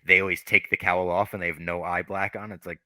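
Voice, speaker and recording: A man's voice: low-pitched, level tone, quick pace, sharp tone, no room sound. A man hosting a podcast, reviewing a movie in casual chat, enthusiastic and profane. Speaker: podcast host.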